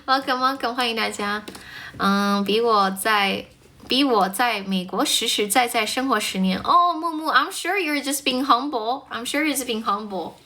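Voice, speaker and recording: A woman's voice: on the high side, animated, measured pace, pushed and bright. A woman from China with a mostly American accent, a chatty English speaking teacher who greets viewers and laughs easily on a live stream.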